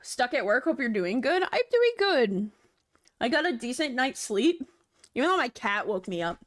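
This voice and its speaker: A woman's voice: on the high side, big pitch swings, normal speed, a bit bright. A young woman live-streaming, chatting loosely with her viewers, rambling and swearing casually into a desk mic.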